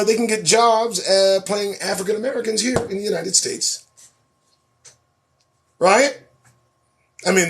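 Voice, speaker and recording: A man hosting a live stream, reading news headlines aloud and ranting about them in a sarcastic, profane, animated way. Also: a little high. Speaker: host. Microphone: phone or webcam on a live stream.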